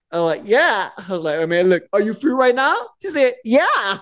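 A man co-hosting a casual podcast, blunt and profane, telling stories in an animated way. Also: sits high, moderate pace. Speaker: podcast co-host.

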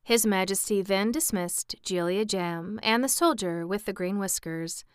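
A woman narrating a children's storybook in a measured, expressive way, adding amused asides. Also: mid-range voice, smooth, no room sound, clean studio sound. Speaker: audiobook reader.

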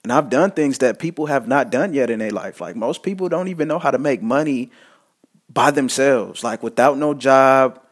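Facing the camera, a man speaks at normal speed in a mid-range voice, offering casual motivation. His delivery is repetitive, with awkward restarts and sermonizing asides aimed at his listeners.

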